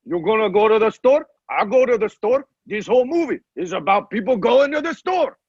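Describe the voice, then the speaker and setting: A man doing a squeaky mocking accent caricature. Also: expressive, fairly quick, slightly rough, no room sound, lo-fi sound, exaggerated voice. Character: exaggerated high-pitched mocking accent caricature, adult man.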